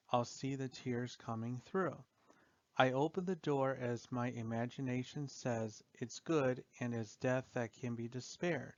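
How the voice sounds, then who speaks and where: Slow, somber man reading dark poems. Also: mid-range voice, no echo. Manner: slow, somber and measured, trailing off softly at line ends. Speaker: audiobook narrator. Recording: dull, dry lo-fi recording.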